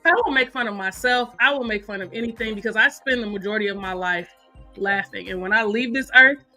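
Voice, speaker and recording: Bright, animated woman co-host. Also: mid-range voice, quick pace, faint music behind. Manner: animated, laughing often. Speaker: morning show co-host. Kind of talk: casual morning show chat.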